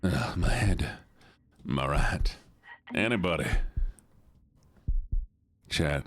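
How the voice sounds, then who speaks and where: A male streamer with a low voice that swings widely as he jokes with his chat. He reads the game's text aloud between goofy asides. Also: expressive, very slow, a bit bright, dry recording. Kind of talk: casual livestream commentary.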